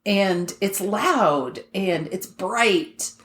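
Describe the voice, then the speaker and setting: A woman's voice: mid-range voice, extremely slow, reverberant. A woman co-hosting a podcast, telling stories in casual chat and swearing freely. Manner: animated storyteller, swears freely. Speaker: podcast co-host.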